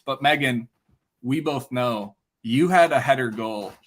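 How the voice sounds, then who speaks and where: Male host, loose and jokey, mid-range voice, casual interview energy. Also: mid-range voice. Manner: joking, fast, playful hype. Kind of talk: casual chat.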